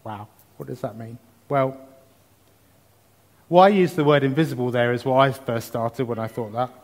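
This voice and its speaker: A man's voice: mid-range voice, moderate pace. A man preaching a sermon, reading scripture and talking about it with exuberant emphasis. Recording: long hall reverb.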